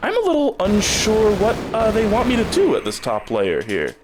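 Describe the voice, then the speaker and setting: A man's voice: high-pitched, huge pitch swings, moderate pace, background noise. A man streaming a game, rambling in casual commentary and stumbling over repeated words when he gets stuck.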